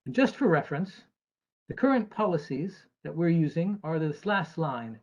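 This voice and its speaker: An American man gives a presentation to an audience of investors. His voice sits a little high, and he speaks earnestly and with emphasis, dropping in dry asides. The recording is slightly dull. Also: lively intonation, normal speed. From United States. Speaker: actuary giving a presentation.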